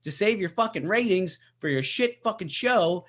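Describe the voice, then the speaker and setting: Man doing a loud ranting comedian impression. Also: high-pitched, lively intonation, moderate pace, pitched above the performer's own voice. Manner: shouting profane rant. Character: angry ranting male stand-up comedian.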